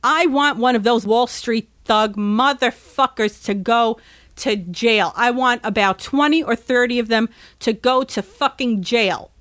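A woman's voice: on the high side, unhurried, fairly bright tone, dry recording. A woman hosting a podcast, ranting in an agitated, sarcastic and profane way before chatting with a caller. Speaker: podcast host. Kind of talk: ranting monologue, call-in chat.

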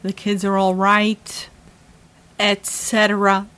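A woman's voice: mid-range voice, monotone, slow pace, fairly bright tone. A woman ranting to camera in a heated, profane and emphatic way, worked up and emotional. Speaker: vlogger. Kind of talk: angry rant to camera.

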